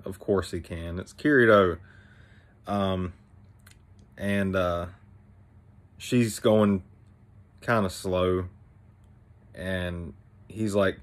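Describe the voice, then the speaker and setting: A man's voice: low-pitched, steady tone, drawn-out words, long pauses. A young man casually recapping an anime episode, rambling with many fillers and restarts.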